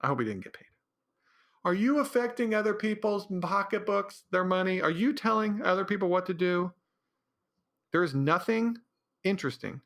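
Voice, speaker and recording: A male podcast host delivers a casual solo monologue, airing opinions in a rambling, ranting way with many restarts. The voice sits high, with lively intonation, normal speed and a touch of brightness.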